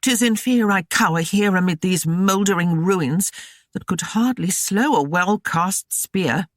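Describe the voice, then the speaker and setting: A sharp-tongued noblewoman in a historical romance audiobook, all rasping temper and snarling complaint, as the reader puts her on. The voice climbs well above the reader's own and pushes hard. It is recorded close and dry. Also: fairly low pitch, a little slow, no room sound, voice pushed up, lightly acted. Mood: scornful complaint. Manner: snarling, railing, scolding. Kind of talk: audiobook character voice.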